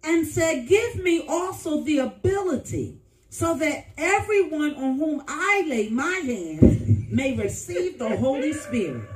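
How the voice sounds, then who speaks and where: High, lively woman reading scripture steadily; echoey room, mic far off. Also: slow. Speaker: scripture reader. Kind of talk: reading scripture aloud in a sermon.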